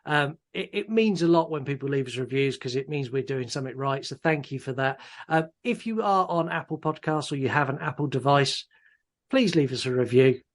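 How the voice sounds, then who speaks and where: A man's voice: mid-range voice, brisk. A man hosting a film podcast, talking casually and bluntly and swearing freely. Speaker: podcast host. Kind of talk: casual chat about films.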